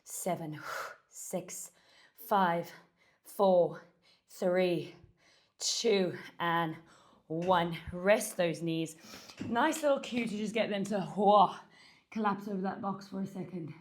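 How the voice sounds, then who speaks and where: A woman's voice: fairly low pitch, slow, pauses often. A woman instructor cueing and counting Pilates moves while she does them, out of breath and sighing between cues. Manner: counting reps and cueing form while moving, breathy sighs. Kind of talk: workout instruction while exercising. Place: home studio.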